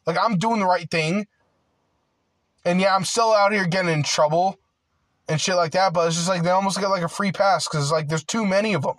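A man's voice: high voice, steady tone, normal speed, fairly bright tone, no room sound, rough recording. A young man ranting in a casual monologue, heated and aggrieved, swearing often and stumbling over fillers and restarts. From United States. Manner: profane, rambling, filler-heavy with many "like"s and restarts.

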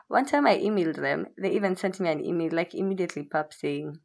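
A woman's voice: fairly low pitch, quick pace, hardly any pauses, a little mellow. A young woman hosting her own podcast, chatting candidly and rambling, with frequent swearing. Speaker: podcast host. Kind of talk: casual solo podcast chat.

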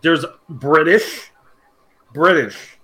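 A man's voice: on the high side, drawn-out words, pushed and bright. Teasing, foul-mouthed podcast co-host man. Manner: teasing, swears freely. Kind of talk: casual banter.

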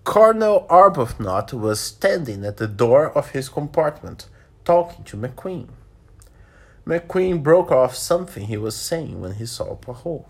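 A man reads a novel aloud and keeps breaking off to comment on the story. His voice is husky, and his intonation rises and falls a lot. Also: medium pitch, sing-song, measured pace. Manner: stops to comment and restates lines. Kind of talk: reading a novel aloud with asides.

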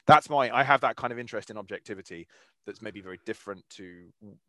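A man's voice: fairly low pitch, quick pace, fairly bright tone, no echo. A man hosting a podcast, speaking in a thoughtful, articulate way with fairly abstract wording. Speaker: podcast host. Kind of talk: casual podcast interview.

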